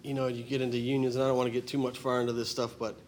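A man's voice: medium pitch, flat delivery, racing, slight background noise. Plainspoken middle-aged man. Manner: rambling, plainspoken, blunt opinions. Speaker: singer-songwriter and former firefighter. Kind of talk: spoken song introduction.

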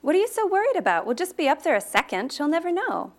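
A woman's voice: high voice, sing-song, quick pace, pitched above the performer's own voice. A woman voicing a bold, impish teenage girl who talks in a breezy, teasing way. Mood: coaxing.

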